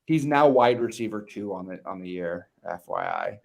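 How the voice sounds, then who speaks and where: A man's voice: fairly low pitch, wildly swooping pitch, moderate pace, gravelly. A man co-hosting a casual fantasy football podcast, talking with friends and reading sponsor spots in a hammy announcer voice. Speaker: podcast co-host.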